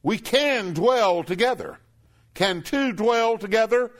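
A man preaching a sermon to a congregation, calling them brethren and drawing out quoted scripture slowly. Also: high voice, lively intonation.

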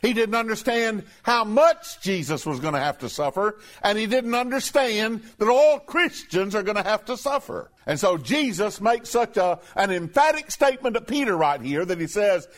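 A man preaching a sermon, talking plainly to his congregation and reading scripture aloud slowly and emphatically. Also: high-pitched, big pitch swings. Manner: emphatic, reads scripture in a slow raised voice.

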